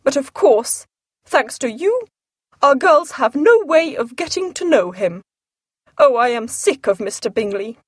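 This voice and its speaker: A woman playing a shrill fretful mother. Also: sing-song, measured pace, breathy edge, no room sound, clean studio sound, heavily acted. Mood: indignant. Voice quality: high and emphatic. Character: fretful excitable middle-aged mother, shrill.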